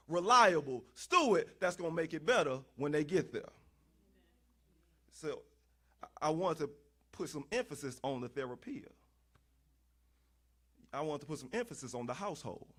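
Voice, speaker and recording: A man preaching a sermon, using folksy asides, rhetorical questions and repeated phrases. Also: a little high. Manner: animated, rhetorical questions and repetition; folksy, addresses congregation as y'all.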